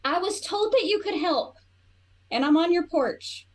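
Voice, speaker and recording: A woman's voice: extremely high pitch, lively intonation, a little slow, voice pushed up. Woman playing a nervous pleading young woman.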